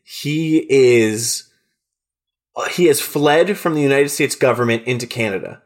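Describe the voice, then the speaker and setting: A man chatting casually on a podcast, talking at a middling pitch. He rambles, restarts his sentences and swears freely as he tells a story. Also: unhurried. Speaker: podcast host.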